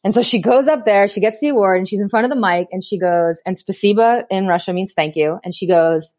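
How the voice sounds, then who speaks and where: A woman's voice: medium pitch, fairly quick, few pauses. A woman guest on a podcast, telling a story casually with laughs and acted-out quotes. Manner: animated anecdotes with laughs and quoted voices. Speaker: guest, pro basketball player.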